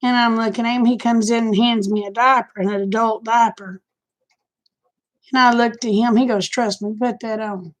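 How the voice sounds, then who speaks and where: With a fairly high voice and a steady tone, this older live-stream host tells candid, folksy stories at a normal speed, chatting casually with her stream.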